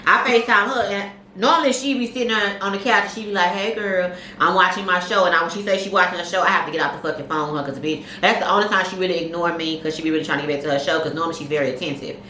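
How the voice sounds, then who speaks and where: A woman co-hosting a podcast, telling stories in a candid, profane, animated way. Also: fairly low pitch, racing, hardly any pauses, echoey room, far from the mic, a little hiss or hum. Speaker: podcast co-host. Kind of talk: casual chat, storytelling.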